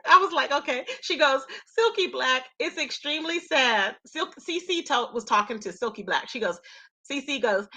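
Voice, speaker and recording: Bright high-voiced woman gossiping casually. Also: lively intonation, normal speed. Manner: chatty, laughs often, repeats "child". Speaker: commentary channel host.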